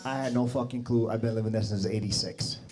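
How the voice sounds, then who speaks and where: A man's voice: mid-range voice, steady tone, quick pace. A man in his forties doing stand-up comedy on a club stage, talking brashly, swearing, and teasing the crowd into a handheld mic. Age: 40s.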